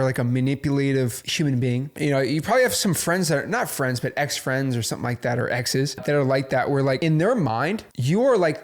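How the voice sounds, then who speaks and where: A young man, a real estate wholesaling coach, gives an energetic, rambling motivational talk to the camera and often repeats words as he starts a sentence. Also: fairly high pitch.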